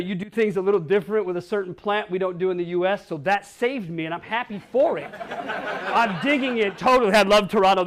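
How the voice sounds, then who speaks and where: A man from Wisconsin giving a blunt, joking conference talk and swearing now and then. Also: sits high. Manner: blunt, swears, jokes with audience. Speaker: conference speaker. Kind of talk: keynote talk. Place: conference hall.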